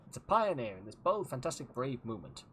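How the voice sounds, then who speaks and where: An actor playing a boastful male painter in a video game, giving a grandiose, self-praising sales pitch. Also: very animated, fast, a bit bright. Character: boastful male painter selling his work.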